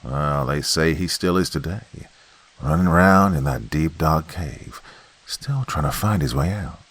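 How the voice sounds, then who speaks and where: A man narrating a horror story in a folksy campfire manner, swinging between loud and hushed delivery. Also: a bass voice, animated, unhurried, slightly rough.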